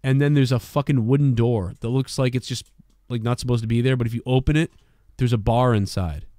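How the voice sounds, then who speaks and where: A man spins a rambling, swear-laden story, animated and loose. The sound is dry and close, with no room around him. He talks like a podcast co-host among friends. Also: mid-range voice, a little fast, dry recording. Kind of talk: casual storytelling.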